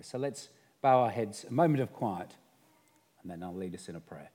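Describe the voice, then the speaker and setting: A man's voice: fairly low pitch, animated. Earnest man preaching a sermon. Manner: earnest, measured, gently pleading. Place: church.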